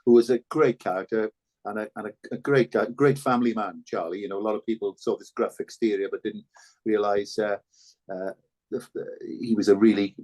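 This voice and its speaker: Older guy, lowish voice, earnest, keeps restarting his sentences. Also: steady tone, a little mellow. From Wales. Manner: halting, many restarts, earnest and candid. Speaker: podcast guest, former rugby full back. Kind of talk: reflective conversational storytelling.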